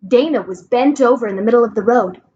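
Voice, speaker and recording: A woman reading a children's storybook aloud, clear and expressive. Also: a little high, quick pace, muffled recording. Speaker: reader.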